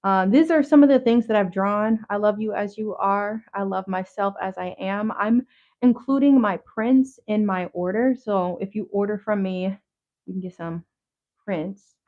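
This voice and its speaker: A woman's voice: medium pitch, unhurried. Woman, casual livestream host, rambling slangy chat with a lot of fillers, slightly breathless, dull lo-fi audio. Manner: chatty and rambling, many fillers and restarts; casual slang, talks straight to viewers. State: a little out of breath. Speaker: livestream host showing handmade crafts.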